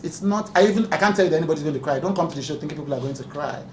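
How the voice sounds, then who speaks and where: A man's voice: on the high side, fairly even intonation, racing, hardly any pauses. Earnest man at a press conference. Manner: earnest, emphatic, often laughing. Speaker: talk show host speaking at a press conference. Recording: echoey room, distant mic, background noise.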